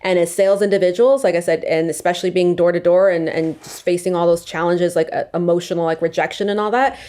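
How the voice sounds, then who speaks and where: A woman's voice: lowish voice, fairly even intonation, fast talker, warm tone. A young woman, a podcast guest, talking casually and packing her speech with "like" and "um". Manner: chatty, heavy "like" and "um" fillers. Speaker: podcast guest, sales rep.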